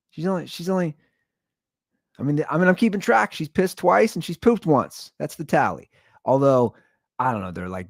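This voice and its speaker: Lively rambling male podcast host. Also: medium pitch, dry recording, clean studio sound. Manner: rambling, joking, self-deprecating; repeats and restarts words. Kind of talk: casual solo podcast rant.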